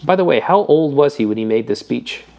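A man's voice: mid-range voice, animated, fairly quick, creaky, dark tone, voice pushed up. A man voicing an irritable, impatient male doctor who speaks emphatically.

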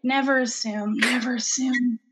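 A woman in her thirties, a podcast co-host, telling a hectic family story in casual chat with lively acted-out quotes. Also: a little high, moderate pace, slight background noise. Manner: animated, breathless retelling with acted-out quotes.

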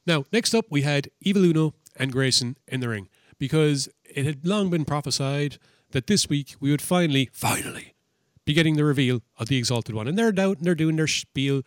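A man co-hosting a casual wrestling chat. He talks in an animated way, swears freely and acts out what others said. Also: fairly high pitch, brisk, no echo, studio quality. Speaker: podcast co-host.

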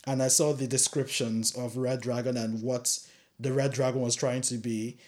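Brief: male podcast co-host, analytical, relaxed chat. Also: medium pitch, moderate pace. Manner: analytical, loose, with fillers. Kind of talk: casual film discussion.

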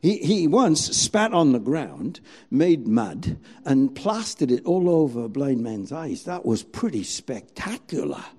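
A man's voice: mid-range voice, sing-song, unhurried, few pauses, warm tone, husky. A man preaching a sermon, telling a story and acting out its scenes dramatically.

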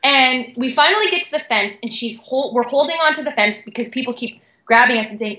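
Bright animated young woman telling a story. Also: sits high, a little fast, few pauses, echoey room, poor audio. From Canada. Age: young adult. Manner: excited, breathless storytelling with many "like"s. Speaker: interview guest, athlete.

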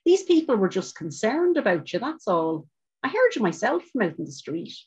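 Brief: woman reading a calm police officer, soft and coaxing, husky tone. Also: mid-range voice, moderate pace, lo-fi sound. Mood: cajoling. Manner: soft, cajoling. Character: soft-spoken cajoling female police officer.

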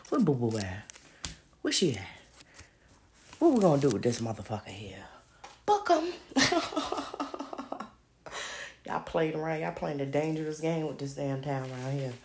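A woman hosts a loose, profane rant for her listeners, loud and emphatic, with swear words in nearly every sentence. Her pitch swings widely as she keeps calling out to them as y'all. She is at home, talking into a phone she carries from room to room. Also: a little hiss or hum. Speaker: podcast host. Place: at home, walking around the house.

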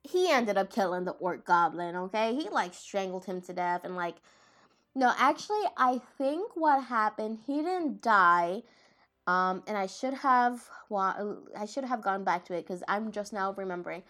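Speaking at normal speed in an animated, slightly bright mid-range voice, this anime commentator rambles casually about favorite moments, using plenty of filler words and poking fun at herself.

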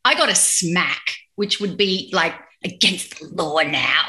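A woman's voice: lowish voice, unhurried, bright, forceful tone, rough recording. A woman hosting a podcast, telling stories animatedly in casual chat and swearing freely. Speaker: podcast host. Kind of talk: casual chat over drinks.

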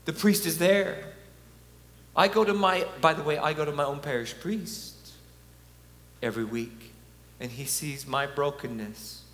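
A conference speaker delivers an earnest preaching talk in a conversational style with chuckles, set in a big hall. He speaks at a measured pace in a fairly high, fairly bright voice, captured with hall echo and a faint hum.

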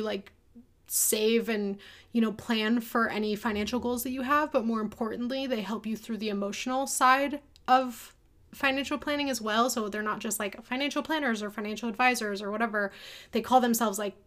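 A young woman talking casually and candidly about her own experience, at times emotional. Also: a little high. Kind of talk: personal storytelling monologue.

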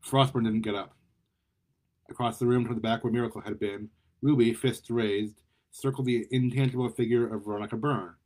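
A man reading a superhero story aloud in a lively way, often stumbling and repeating words. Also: mid-range voice, brisk. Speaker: story reader.

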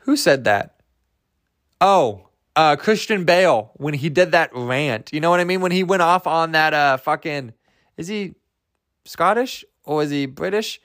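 A man talks on his own in a loose, rambling podcast monologue. His voice sits a bit higher than most men's. He swears freely, jokes at his own expense and keeps restarting his sentences. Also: lively intonation, measured pace, fairly bright tone. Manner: loose, profane, jokey, with many fillers and restarts. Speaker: podcast host.

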